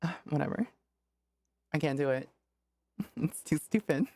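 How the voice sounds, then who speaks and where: A woman's voice: deep voice, animated, a little slow, warm tone, no room sound. A woman streamer chatting casually and playfully, often laughing at herself. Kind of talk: casual livestream chat.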